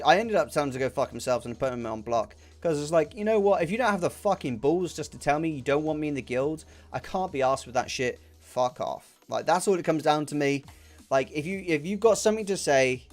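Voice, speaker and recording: A man's voice: fairly high pitch, darkish tone. A young man, a gaming streamer, angrily ranting and swearing as he chats while he plays, often repeating himself. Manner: angry, profane, repeats himself.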